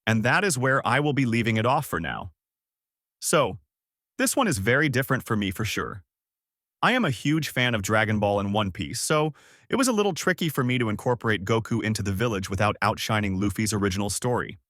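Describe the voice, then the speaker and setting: Guy reading fan fiction out loud, lively up and down voice, dry close sound. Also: on the low side, brisk, no room sound. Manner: animated storytelling, casual sign-off. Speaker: channel host and narrator.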